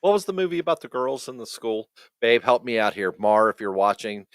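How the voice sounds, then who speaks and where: A man co-hosting a casual movie review podcast, animated and laughing often, with the odd swear word. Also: medium pitch, a little fast, dry recording. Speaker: podcast co-host.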